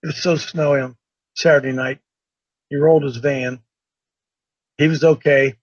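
A man's voice: medium pitch, steady tone, normal speed, no echo. A man hosting a casual live show, talking in a rambling, folksy way that often breaks off mid-sentence. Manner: rambling, folksy, self-interrupting. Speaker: host. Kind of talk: casual livestream chat. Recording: dull lo-fi sound.

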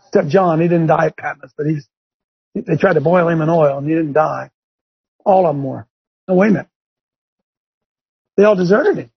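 A man's voice: high-pitched, vocal fry, slightly rough. A man preaching to a group in a folksy, emphatic way, speaking straight to his listeners. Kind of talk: sermon. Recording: dull lo-fi recording.

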